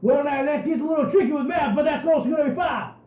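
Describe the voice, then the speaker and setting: A man voicing a tiny, loud tavern barkeep who shouts orders across the room. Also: very high voice, voice pushed up. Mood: hustling. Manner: shouting, brisk. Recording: echoey room.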